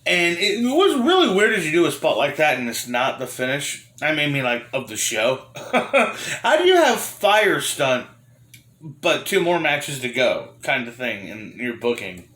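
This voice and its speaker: A man's voice: medium pitch, animated, moderate pace, bright, forceful tone, echoey room. A man from Florida giving a casual, rambling review of an old wrestling show, full of fillers and restarts.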